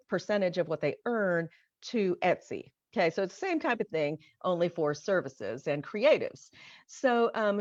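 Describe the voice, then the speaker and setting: A woman's voice: medium pitch, darkish tone, no echo. A middle-aged woman coaching online in a chatty, encouraging way, often checking in with her listeners. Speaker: online business coach teaching voiceover. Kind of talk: casual teaching to camera. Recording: dull, dry home recording.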